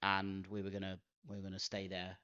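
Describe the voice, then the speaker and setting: A man's voice: low-pitched, monotone, brisk, sharp tone, clean tone. A man, co-hosting a casual golf podcast and telling rambling, self-mocking stories. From Manchester, England. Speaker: podcast co-host. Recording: dull lo-fi podcast audio.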